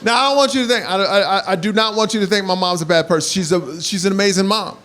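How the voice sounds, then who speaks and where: A man doing stand-up comedy who tells animated stories and builds up to shouts. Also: high-pitched, quick pace. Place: comedy club stage. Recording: live club set with crowd laughter. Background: audience laughter and room hiss.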